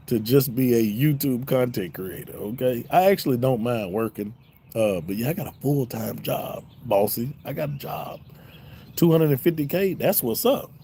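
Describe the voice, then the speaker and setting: A man's voice: mid-range voice, mellow, a little hiss or hum. A middle-aged man with a Southern drawl, hosting a casual livestream and joking back at his chat in a laid-back way. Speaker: YouTube host reading live chat. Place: home, smoking a cigar on a livestream.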